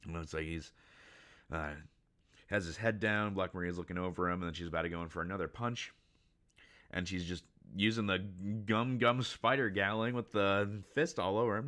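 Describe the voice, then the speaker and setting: A man hosting a casual reaction to a comic chapter, rambling excitedly with many fillers and reading lines aloud. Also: low voice, brisk. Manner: reads character lines aloud with mild voice shifts. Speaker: channel host.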